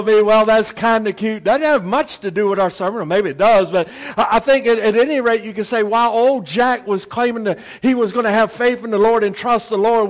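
A man preaching a sermon as pastor, in a folksy, animated storytelling way. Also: high voice.

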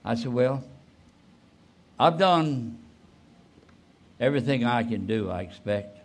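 A man in his eighties, a pastor telling a personal story in a sermon, rising suddenly and trailing off softly. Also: medium pitch, lively intonation. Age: 80s. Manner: slow, with sudden rises and soft trailing endings.

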